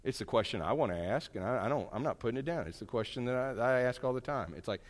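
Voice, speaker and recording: A man's voice: medium pitch, fast, in a large hall. A man preaching a sermon, retelling a story in a conversational way with chatty asides. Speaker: pastor.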